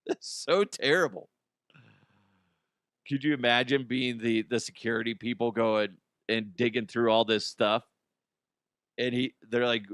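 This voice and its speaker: Slow-talking joking male podcast host. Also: medium pitch, steady tone, a bit bright, no room sound, clean studio sound. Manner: joking, swears freely, acts out silly voices. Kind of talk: casual comedic news chat.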